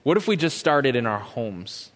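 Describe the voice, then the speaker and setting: A man preaching a sermon as a pastor, impassioned and questioning, swinging from loud to hushed. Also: mid-range voice, sing-song, normal speed. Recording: long hall reverb.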